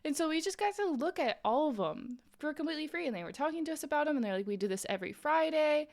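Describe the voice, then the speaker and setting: A chatty young woman talks to her live chat in a slightly high voice. She rambles with lots of fillers and laughs often. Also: lively intonation, fast. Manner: laughs often while telling a story. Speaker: streamer.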